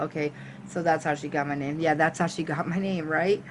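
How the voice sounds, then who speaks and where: A woman vlogger telling a storytime tale. She is animated and swears freely, acting out her own reactions as she goes. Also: low voice, brisk, slight background noise. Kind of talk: storytime monologue.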